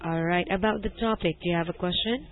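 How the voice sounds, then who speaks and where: A woman teaching an English lesson over a call, patient and gently correcting, laughing often. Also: on the low side, fast talker. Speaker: English tutor. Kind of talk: online one-to-one language lesson. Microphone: video call. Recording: tinny call audio.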